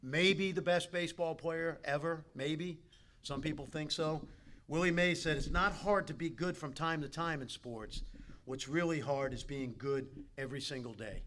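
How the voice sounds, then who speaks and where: There's slight background noise as a man with a somewhat high voice gives a motivational keynote at a moderate pace. At this team dinner in a banquet hall, he animatedly tells stories and speaks straight to the players.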